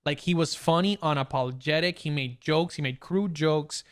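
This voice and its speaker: A young man co-hosting a podcast over a video call, talking in an excited, rambling way with many restarts. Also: a little high, moderate pace, smooth. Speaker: podcast co-host. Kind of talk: casual chat.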